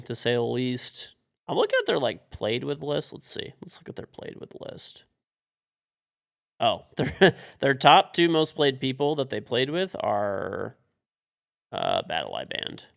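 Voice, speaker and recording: A man's voice: medium pitch, vocal fry. A man streaming a video game live, frustrated and swearing as he mutters to himself and talks to teammates. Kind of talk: live-stream commentary while playing.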